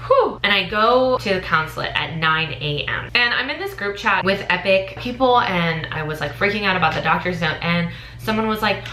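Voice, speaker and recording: A young American woman in her twenties vlogging, telling a story with animated, dramatic energy. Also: on the low side, moderate pace, hardly any pauses. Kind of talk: casual storytime vlog. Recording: echoey room.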